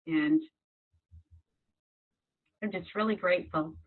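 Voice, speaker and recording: Low-voiced woman on a tinny call line. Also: takes it slowly. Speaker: guest. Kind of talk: casual heartfelt chat. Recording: tinny video-call audio.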